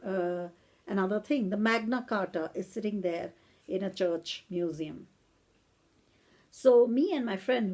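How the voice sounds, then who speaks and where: A woman from India hosts a lecture-style podcast on philosophy, reflecting and telling stories with a few self-corrections. Her voice is mid-range and mellow.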